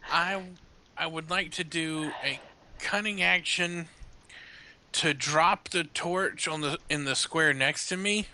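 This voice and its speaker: A man playing a tabletop game over voice chat, declaring his actions in a deliberate, halting way. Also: fairly high pitch, pushed and bright, a little hiss or hum. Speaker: player.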